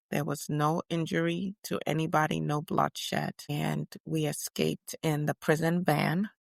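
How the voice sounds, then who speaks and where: Woman cast as a defiant older activist: gravelly low voice, emphatic measured storytelling. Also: no room sound, clean studio sound, full character voice. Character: older female activist recounting prison years, defiant. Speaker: guest portrayed in interview. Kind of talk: first-person dramatized interview.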